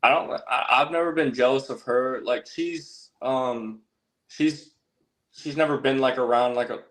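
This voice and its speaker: A man joining a casual livestream chat as a guest, speaking in a hesitant, halting way over a video call. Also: medium pitch, a bit bright.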